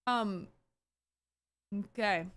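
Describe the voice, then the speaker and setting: A woman's voice: mid-range voice, extremely slow, a bit bright. A woman streamer giving live reaction commentary, ranting sarcastically with lots of fillers and restarts. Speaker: streamer host.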